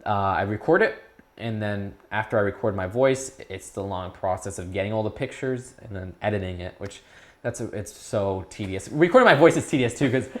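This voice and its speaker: A young man in his teens talking casually as an interview guest, rambling with restarts and perking up when excited. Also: fairly low pitch, fairly quick. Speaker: YouTube creator, guest.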